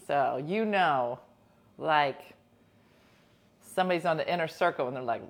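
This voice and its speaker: A woman in casual chat telling animated stories, acting out her friends' lines with swings from loud to hushed. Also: sits low, moderate pace, pauses often.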